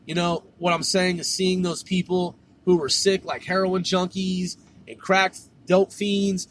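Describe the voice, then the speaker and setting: A man's voice: high-pitched, flat delivery, measured pace, a bit bright, slight background noise. A man telling a story casually, swearing and saying "man" at the end of his sentences. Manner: profane, drawling, says "man" constantly.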